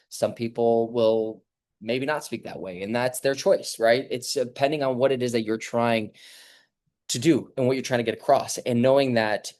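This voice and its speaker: A man and father giving a casual motivational talk, reflective and halting with many fillers. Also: medium pitch, darkish tone, dry recording, studio quality. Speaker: clinic host.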